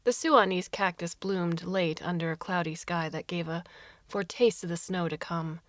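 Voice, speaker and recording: A woman narrates a story in a fairly low voice. Her reading is expressive, and she slips into voices for the characters. The sound is dry and close, with no room echo. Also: moderate pace. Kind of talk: audiobook narration.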